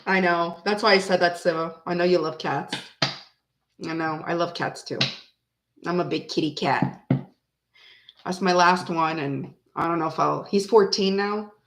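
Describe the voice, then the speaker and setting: A woman hosting a tarot reading from home, chatting casually and rambling, who breaks into snippets of old songs and talks softly to her cat. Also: fairly low pitch, fairly even intonation, measured pace. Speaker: tarot reader and channel host. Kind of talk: casual chat on a live reading.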